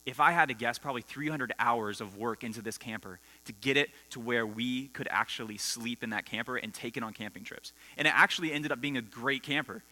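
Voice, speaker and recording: A man's voice: mid-range voice, pushed and bright. A man preaching a conversational sermon to students, telling stories and quizzing the audience. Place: school assembly hall. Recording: long hall reverb with mains hum.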